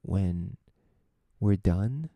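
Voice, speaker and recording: A young man with a low, dark-toned voice speaks extremely slowly but with lively intonation, and there's no room sound. On his own podcast, he works through his thoughts in an earnest, reflective monologue packed with rhetorical questions and restarted phrases.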